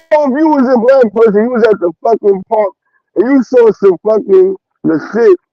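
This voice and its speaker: Animated high-voiced man ranting profanely. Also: no room sound, muffled recording. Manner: animated, profane, laughing storyteller. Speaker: livestream host. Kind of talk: casual commentary.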